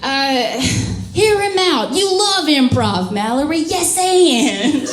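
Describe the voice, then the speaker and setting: On a comedy club stage before a live audience, a drunk woman from small-town Mississippi performs a bawdy, self-mocking stand-up set, laughing at her own jokes. Her high voice is animated with drawn-out words, and the echoey room rings with loud crowd laughter.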